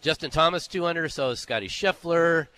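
A man's voice: on the high side, fairly quick, sharp tone, soft background music. A man co-hosting a casual talk show, running through golf scores in an easygoing way with fillers. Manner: runs down leaderboard, conversational with fillers. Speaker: co-host.

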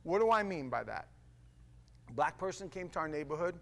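Fast-talking New man telling stories. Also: fairly high pitch, gravelly. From New York. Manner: animated storytelling with stammered restarts. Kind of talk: casual monologue to camera.

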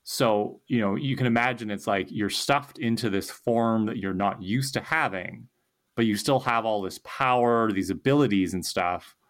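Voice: medium pitch, moderate pace. A co-host in casual chat, thoughtfully explaining a character's behavior in a TV episode. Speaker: podcast co-host.

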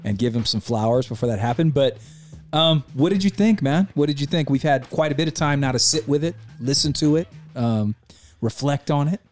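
A man co-hosting a casual podcast, talking in an upbeat, excitable way and laughing often. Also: on the high side, brisk, soft background music. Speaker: podcast co-host.

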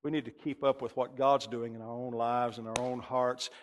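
A man preaching from the pulpit, spinning a personal story and jumping into the voices of the people in it. His mid-pitched voice rings out through the long reverb of a church hall. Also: moderate pace, noisy background. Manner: animated storyteller acting out dialogue. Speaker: pastor. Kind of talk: sermon with storytelling. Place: church sanctuary.

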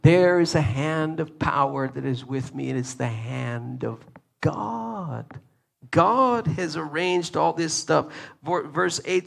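A male preacher giving an earnest, emphatic sermon, often repeating himself and pausing on fillers. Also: fairly high pitch, lively intonation, creaky.

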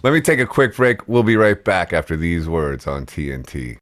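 A man's voice: low voice, very animated, normal speed, background noise. A man hosting a radio show, interviewing a guest and heaping praise in an effusive way. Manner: effusive and complimentary.

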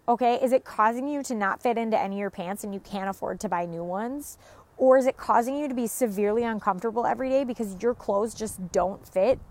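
A woman's voice: a little high, a little mellow. A woman in her thirties, a fitness coach and mother, giving an earnest, emphatic motivational talk to viewers, repeating phrases for effect.

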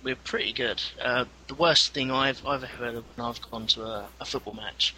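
A man from England in casual conversation, talking in a relaxed, hesitant way with many fillers. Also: mid-range voice, normal speed, a little hiss or hum, poor audio.

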